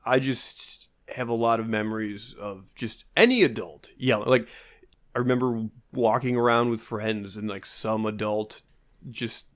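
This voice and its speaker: A man co-hosting a podcast, talking in a wry, halting, self-deprecating way. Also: on the low side, steady tone. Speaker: podcast co-host. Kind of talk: casual chat.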